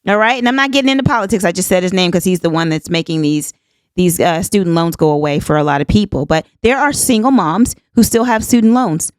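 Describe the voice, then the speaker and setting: A woman's voice: fairly low pitch, quick pace, no echo. A woman in her fifties hosting a podcast, talking in an earnest, emphatic, folksy way and repeating herself for emphasis. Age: 50s. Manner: folksy, says "honey child" and "y'all". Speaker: podcast host. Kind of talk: casual monologue.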